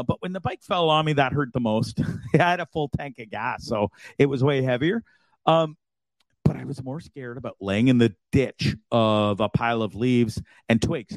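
A man's voice: medium pitch, no room sound. Crude joking man telling stories. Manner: crude, joking, self-deprecating storyteller. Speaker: show host. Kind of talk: casual livestream chat.

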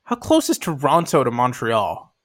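A man's voice: mid-range voice, huge pitch swings, normal speed, a bit bright. A man co-hosting a podcast who talks bluntly and jokes, with frequent swearing. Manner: blunt, profane, joking. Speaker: podcast co-host. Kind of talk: casual recap chat.

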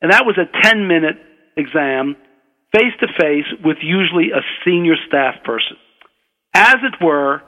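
An older man from Brooklyn, a physician and author, telling a relaxed, wry anecdote. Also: a little high. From Brooklyn, USA. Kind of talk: anecdotal storytelling. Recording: dull radio broadcast, long reverb.

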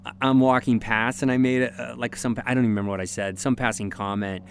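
A man's voice: mid-range voice, steady tone, fast, slight background noise. A man from the United States, a podcast guest, chatting casually and rambling with many restarts and fillers.

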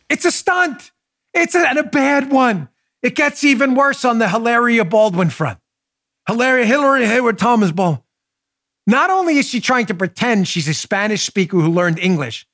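A man hosts a political podcast in a high, bright-sitting voice. He argues emphatically and tells stories with plenty of energy. The sound is dry and close, with no room around it. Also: no room sound. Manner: emphatic, animated storytelling with laughs. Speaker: podcast host. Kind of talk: opinionated political talk.

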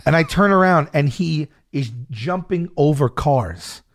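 A man telling a story in a casual chat, stammering and loudly acting out the people in it. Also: a little high, measured pace. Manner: animated, acts out a shouting wrestler and his own stammering. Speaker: storyteller guest.

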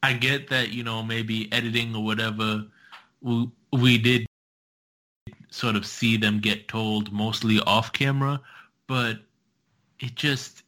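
A man's voice: fairly low pitch, steady tone, slow, pauses often, pushed and bright. A man co-hosting a fan podcast, arguing his point casually with stumbling restarts. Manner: argumentative, critical, stumbling restarts. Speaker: podcast co-host.

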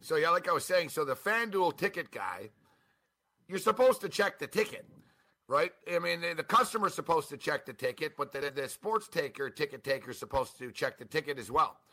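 Bright-voiced, animated male podcast co-host. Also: a little high. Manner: animated, self-mocking, quick talker. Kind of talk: casual sports podcast chat.

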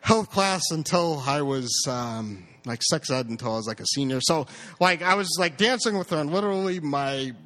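Stammering storyteller man, slightly high voice. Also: moderate pace. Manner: stammering, repeats words, animated impressions. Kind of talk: live personal storytelling.

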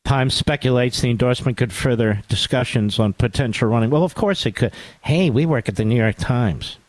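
A man hosting a talk radio show, delivering a sarcastic, animated political monologue with asides to his producer. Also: mid-range voice, fairly quick, no echo.

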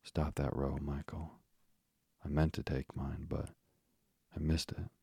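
A man's voice: very deep voice, little pitch movement, takes it slowly, gravelly, dark tone, husky, dry recording, studio quality, heavily acted. A man reading aloud, voicing a proud, pompous middle-aged father who blusters and pities himself. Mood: blustering. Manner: blustering, self-pitying.

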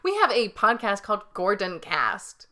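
A woman's voice: medium pitch, very animated, moderate pace, bright, forceful tone. A woman co-hosting a podcast, chatting casually and reading quiz options aloud with playful emphasis and frequent laughter. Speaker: podcast co-host.

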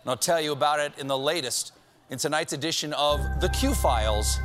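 A man's voice: on the high side, brisk, over music. A man hosting a late-night show, delivering a comedic monologue with punchy jokes and sarcastic asides. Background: studio audience laughing.

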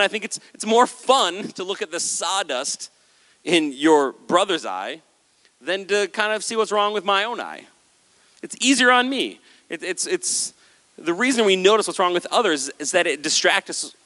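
A man preaching a sermon on stage with a handheld microphone, animated and acting out the voices of listeners and Jesus. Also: sits high. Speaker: pastor. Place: large hall with a stage. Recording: hall with long reverb.

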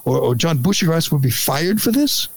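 A man's voice: a little high, very animated, moderate pace, dry recording, rough recording. A man hosting a podcast, giving sarcastic, incredulous opinion commentary in a ranting manner. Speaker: podcast host.

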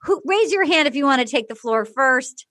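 A woman's voice: high voice, normal speed, a little hiss or hum. A woman hosting a casual talk show, animatedly retelling events and acting out quotes. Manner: animated storyteller who acts out quotes. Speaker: podcast host. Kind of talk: casual chat recapping a reality show.

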